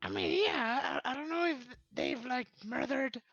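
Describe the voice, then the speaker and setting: A woman's voice: sits high, huge pitch swings, moderate pace, a bit bright, husky, no room sound, muffled recording, faint music behind. A woman playing at a tabletop game, hesitant and doubtful, stumbling over words. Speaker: player. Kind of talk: in-character tabletop play.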